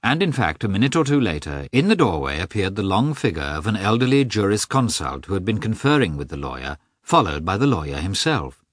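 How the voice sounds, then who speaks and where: Low-voiced expressive male narrator. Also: fairly quick, dry recording, studio quality. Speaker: audiobook narrator. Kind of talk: scripted narration.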